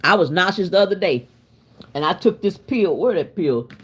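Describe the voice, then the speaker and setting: A woman hosting a casual cooking livestream, chatty and expressive, laughing and answering her viewers while she cooks in her home kitchen. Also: on the low side, normal speed, husky. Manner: chatty and expressive, laughing and talking back to chat. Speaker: livestream host.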